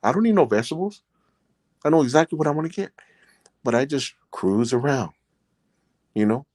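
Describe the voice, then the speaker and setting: This former prisoner turned podcast host is a middle-aged man with a medium-pitched, darkish voice, lively intonation, and a fairly quick pace, heard with no room sound. He rambles through personal stories in a casual way, filling gaps with "you know" and growing earnest and emotional as he recounts what he lived through.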